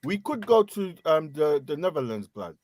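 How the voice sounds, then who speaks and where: Animated young London man, slangy banter. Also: a little high, normal speed. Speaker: podcast co-host. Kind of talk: casual football banter.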